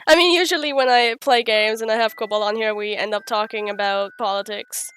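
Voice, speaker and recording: A woman's voice: fairly high pitch, steady tone, brisk, a bit bright, clean tone, faint music behind. Sick woman chatting on stream. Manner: giggly, swears casually. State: sick, rough voice. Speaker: streamer and player. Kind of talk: casual stream chat.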